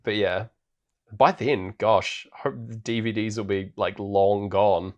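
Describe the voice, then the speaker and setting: A man's voice: fairly low pitch, steady tone, slow pace, highs cut off. A man co-hosting a podcast, recapping a film in a rambling casual chat with many fillers and frequent laughter. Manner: rambling, laughs often, heavy filler words. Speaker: podcast co-host.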